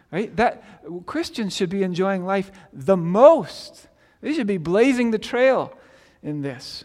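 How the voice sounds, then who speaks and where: A high-voiced man, a pastor, gives a sermon that sounds loose and conversational. He trips over his opening and frequently checks in with "right?"; a long reverb hangs on his voice.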